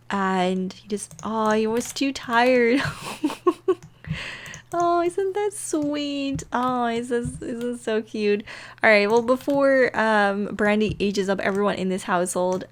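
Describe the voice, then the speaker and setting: Young woman, let's-play commentary, giggly, chatty, mid pitch, easily excited. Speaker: gaming video creator.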